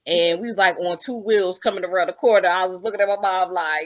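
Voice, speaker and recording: A woman co-hosting a casual family talk show, telling a story with lively put-on voices for her relatives, speaking over a video call. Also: mid-range voice, fast, no echo, clean studio sound. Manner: animated, acts out family members' voices while telling a story. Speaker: podcast co-host. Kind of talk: casual storytelling among siblings.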